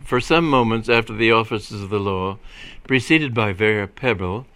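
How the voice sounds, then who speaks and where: A man reading a comic story aloud in a dry, measured style. His voice is fairly low with a bright, crisp edge. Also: no echo. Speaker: reader.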